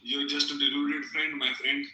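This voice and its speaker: A man in an online debate, calm and polite on the surface but sarcastic. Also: fairly high pitch, moderate pace, reverberant, slight background noise, low-quality recording. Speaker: debate guest.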